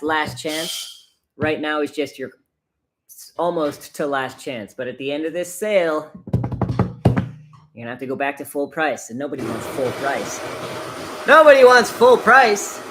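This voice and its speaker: A man's voice: fairly high pitch, a bit bright, slight background noise. Chatty man hosting a coffee livestream. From United States. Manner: chatty, self-deprecating, laughs often. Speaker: livestream host. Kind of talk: casual livestream chat while brewing coffee.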